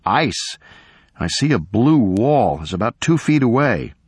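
A man voicing a frightened, freezing man wedged in the ice, his voice trembling and husky. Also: mid-range voice, sing-song, measured pace, no echo, studio quality. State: trembling, cold.

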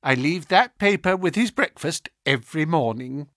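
A man's voice: on the high side, expressive, moderate pace, a bit bright, dry recording, studio quality, voice pushed up. A man voicing a respectful, worried middle-aged landlady who answers in a deferential, plain-spoken way, in an audiobook reading.

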